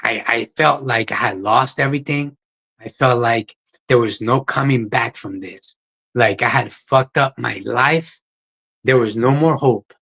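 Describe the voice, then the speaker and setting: A man's voice: medium pitch, unhurried, creaky, bright, forceful tone, slightly rough, low-quality recording. A man, a podcast guest telling his life story in a plain-spoken, earnest way. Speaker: guest, ultra runner. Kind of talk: podcast interview, personal story.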